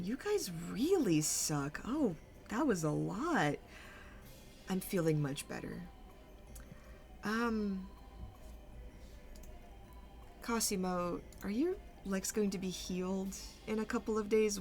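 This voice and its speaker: A woman playing a vain arcane schemer, breathy drawl. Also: mid-range voice, a little mellow. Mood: mocking. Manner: airy half-whispered drawl, mocking. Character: vain scheming arcane troupe leader, ageless, cruel.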